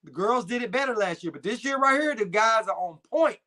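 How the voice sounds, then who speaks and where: A man's voice: sits high, expressive, brisk, bright, forceful tone. A young adult man hosting a live stream, chatting casually with slang and reading viewer comments. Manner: laid-back slangy banter, frequent fillers.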